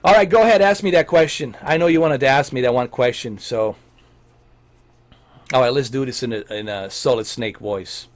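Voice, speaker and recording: A man hosting a casual Q&A on tech and games, talking in a blunt, animated and profane way. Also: mid-range voice, moderate pace. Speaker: host answering viewer questions.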